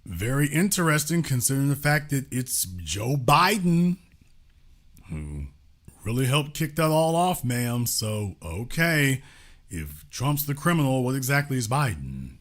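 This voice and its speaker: A man's voice: mid-range voice, very animated, unhurried, fairly bright tone. A man commenting on a news clip with sarcastic, groaning asides.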